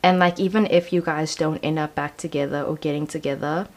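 A woman's voice: deep voice, fairly even intonation, a little fast, a little mellow. A young woman giving a casual tarot card reading, talking in a chatty, slangy way full of "like" and "I feel like". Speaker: tarot reader.

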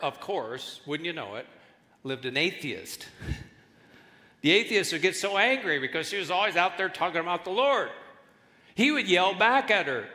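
A man preaching a sermon as pastor, telling stories and acting out voices in his jokes. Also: fairly high pitch. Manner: animated storytelling, acts out voices in jokes. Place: large church hall. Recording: reverberant church hall.

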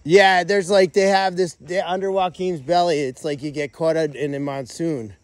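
On a casual livestream from a farm, a middle-aged animal sanctuary caretaker chats to rescue pigs outdoors and loudly calls their names. His voice is fairly high and steady, at a normal speed with hardly any pauses, and there's no room sound.

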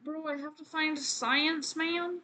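A woman's voice: sits high, fairly even intonation, measured pace, bright, forceful tone. A woman streamer giving casual, chatty, self-deprecating commentary while she plays a life-sim game. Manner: chatty, self-deprecating, says "man" and "frickin'" a lot.

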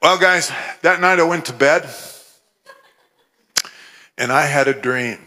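A man from Oregon giving a humorous, animated testimony sermon, with scripture recited fervently. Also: a little high, slow. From Oregon, USA. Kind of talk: storytelling sermon.

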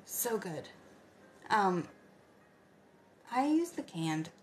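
A woman in her fifties hosting a casual late-night livestream from home, chatty and answering viewer comments with soft asides. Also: medium pitch, sing-song, extremely slow, a little hiss or hum. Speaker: livestream host.

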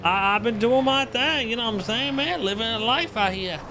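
A man's voice: very high voice, moderate pace, bright, forceful tone. A man doing in-character game roleplay, laid-back, slangy and swearing. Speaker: roleplay gamer.

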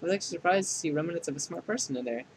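A man's voice: very fast, a loud crowd, rough recording. A man voicing a condescending, clingy female AI program in a fan dub of a dating game, with mocking, clinical put-downs. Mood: taunting. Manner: deadpan scolding that tips into shrill outbursts.

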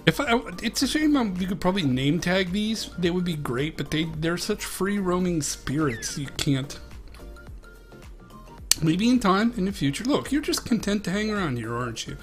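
Faint music plays behind a man with a high voice and a Western Pennsylvania accent who hosts a Minecraft let's-play. Speaking at a moderate pace with lively intonation, he rambles casually as he plays and chats to the animals on screen.

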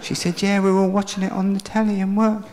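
A man's voice: sits high, monotone, quick pace. A man doing live stand-up storytelling, cheekily acting out his own drunk self-talk. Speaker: stand-up comedian. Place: live comedy venue, played from archive. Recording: roomy live venue with loud crowd laughter.

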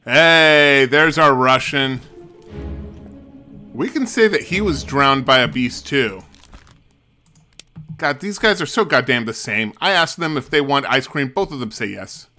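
A man's voice: mid-range voice, animated, measured pace, long pauses, bright, forceful tone. A man streaming a mystery game, thinking aloud and muttering to himself as he works out clues. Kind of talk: let's play commentary. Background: game music.

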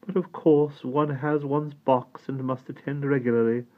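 A man's voice: medium pitch, steady tone, moderate pace, voice pushed up, natural voice. A man voicing a gracious, chatty duchess in a genteel, airy way. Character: gracious grand old duchess, woman, chatty. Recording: tinny phone-like sound.

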